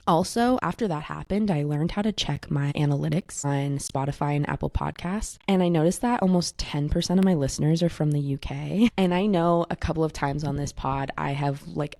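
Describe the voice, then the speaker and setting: A woman's voice: low-pitched, creaky, mellow, no echo, clean studio sound. A young woman in her twenties hosting a casual podcast, chatting and gossiping as she quotes herself. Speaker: podcast host. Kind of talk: casual chat.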